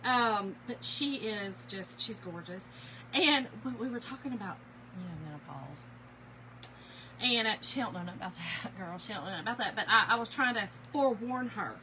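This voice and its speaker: A woman's voice: medium pitch, lively intonation, normal speed, sharp tone, a little hiss or hum, poor audio. A middle-aged woman chatting animatedly with viewers on a live stream, laughing often. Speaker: small business owner hosting a live stream. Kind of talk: casual live-stream chat.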